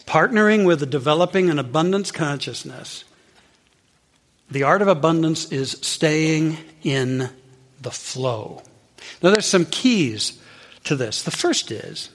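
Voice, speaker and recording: A man preaching a sermon, telling a story and acting out the people in it with lively voices. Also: takes it slowly, in a large hall. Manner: storytelling with high animated voices for quoted characters. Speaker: minister.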